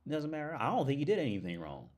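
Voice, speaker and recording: A young man hosting a casual livestream, swearing freely and breaking into loud laughs. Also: mid-range voice, wildly swooping pitch, rapid-fire. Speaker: livestream host.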